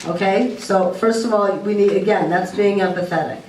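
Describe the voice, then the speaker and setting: A woman's voice: medium pitch, steady tone, moderate pace, a little hiss or hum. Earnest woman presenter, distant and echoey. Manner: earnest, warm-hearted advice with tag questions. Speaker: parenting presenter. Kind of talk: presentation to parents. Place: school room, recorded from afar. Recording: echoey room, distant mic.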